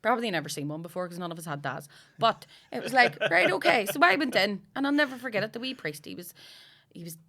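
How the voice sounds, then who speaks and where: A woman, a comedian guest telling lively, sweary stories in a casual podcast chat. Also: mid-range voice, fast talker, few pauses. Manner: animated storyteller, swears freely.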